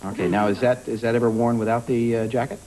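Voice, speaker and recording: A man's voice: mid-range voice, little pitch movement, quick pace, dark tone, a little hiss or hum, low-quality recording. A man hosting a television talk show, joking and hesitant as he interviews a guest. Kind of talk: casual TV interview.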